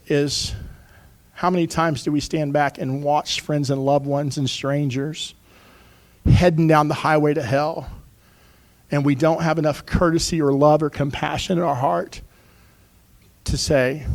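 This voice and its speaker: High-voiced preaching man. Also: steady tone, moderate pace, a little mellow. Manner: earnest, urgent preaching with conversational asides. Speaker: pastor. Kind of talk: sermon.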